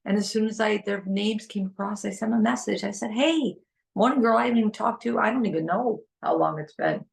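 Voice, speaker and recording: Woman, middle-aged, heartfelt solo podcast talk, gravelly fry, earnest and repetitive. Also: mid-range voice, very animated, brisk. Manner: earnest, pleading, repeats phrases for emphasis. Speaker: podcast host.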